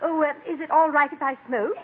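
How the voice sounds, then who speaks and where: A woman's voice: sits high, a little fast, lightly acted. An actress playing a refined, genteel society lady, gushing and hesitant, in a 1940s radio comedy. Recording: old radio broadcast, lo-fi and noisy.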